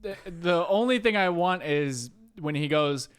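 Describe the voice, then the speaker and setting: A man's voice: a little high, lively intonation, a little slow, clear, resonant tone. A man co-hosting a podcast, making dry, exasperated remarks about a movie. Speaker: podcast co-host. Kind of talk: casual chat.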